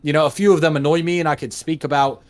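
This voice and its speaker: Male guest, 30s, slightly higher voice, blunt and profane, casual chat. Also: fairly even intonation, fast talker. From United States. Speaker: livestream guest. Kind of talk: casual conversation.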